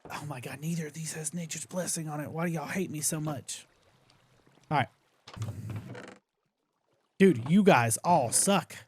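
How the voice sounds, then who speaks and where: A young man talking his way through a video game run, his voice sitting a little high for a man. He jumps between loud excitement and exaggerated complaining, chatting to his viewers like friends. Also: unhurried, pauses often, slight background noise. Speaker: gaming streamer. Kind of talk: casual gameplay commentary.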